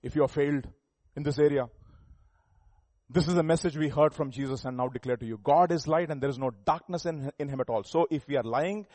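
A man preaching a sermon, emphatic, swinging between loud and soft, asking the listeners rhetorical questions. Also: on the high side, fairly quick, dry recording. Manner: emphatic, rising and falling volume, rhetorical questions.

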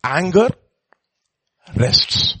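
A man teaching a Bible study, emphatic, repeating words and swinging between soft and loud. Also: high-pitched, very animated, drawn-out words, breathy edge, no room sound.

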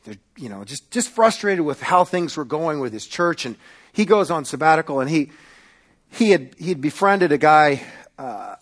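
A man preaching a sermon as pastor, swinging from loud emphatic peaks to quiet asides, with frequent restarts. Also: on the high side, lively intonation, moderate pace. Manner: retells stories with quoted voices, self-correcting restarts.

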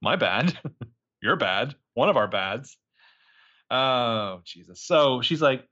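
Man, podcast co-host, casual recap, mid pitch, muffled lo-fi recording. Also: expressive, sharp tone. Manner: reads scenes aloud with quick quoted asides, swearing and laughing.

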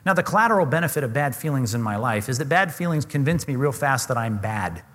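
A man's voice: medium pitch, expressive, fast, a bit bright, long reverb tail. A man preaching a sermon, earnest and emphatic, often asking his listeners questions. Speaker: pastor.

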